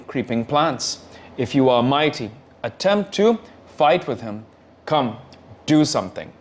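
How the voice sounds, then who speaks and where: A man reading scripture aloud in measured, short phrases. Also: medium pitch. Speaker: scripture reader.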